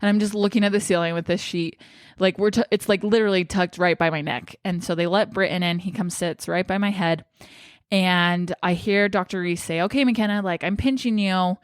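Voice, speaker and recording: A woman's voice: lowish voice, a little fast, clear, resonant tone, no room sound, clean studio sound. A young woman telling a personal story to her viewers in a chatty way, acting out what everyone said. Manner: chatty, animated retelling with quoted dialogue. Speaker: vlogger. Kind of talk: casual storytelling to camera.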